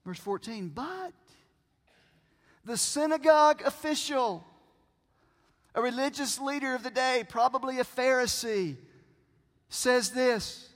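A man preaching a sermon from a church stage, who asks the congregation questions and pauses for effect. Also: very high voice. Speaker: pastor. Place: church sanctuary with a screen. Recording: long reverb of a large hall.

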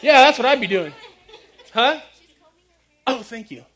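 A man giving a lively comic sermon, quizzing the crowd and acting out little stories. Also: very high-pitched, unhurried, slight background noise. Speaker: preacher speaking to a youth audience.

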